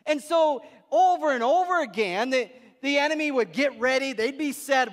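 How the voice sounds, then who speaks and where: High-voiced man preaching in a hall. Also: fairly quick, hardly any pauses, fairly bright tone. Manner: storytelling with frequent repetitions and restarts. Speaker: pastor. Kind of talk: sermon. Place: church hall. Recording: reverberant church hall.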